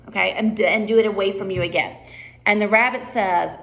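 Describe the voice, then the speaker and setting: A woman's voice: medium pitch, fast talker, vocal fry, a bit bright. A woman directing a play rehearsal in a casual way, often checking in with "right?". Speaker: drama director. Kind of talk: rehearsal coaching.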